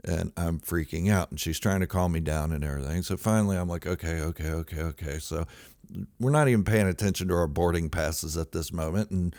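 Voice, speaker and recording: A man telling a funny true story in an excitable, exaggerated way, swinging between loud outbursts and low mutters. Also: fairly quick, no echo, studio quality. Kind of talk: comic true-story monologue.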